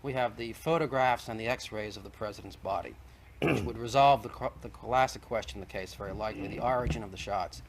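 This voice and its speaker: A man's voice: lowish voice, brisk. Persistent man arguing on old TV. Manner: persistent, argumentative, lays out evidence point by point. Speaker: debate guest. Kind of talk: televised debate. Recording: archival 1960s TV recording.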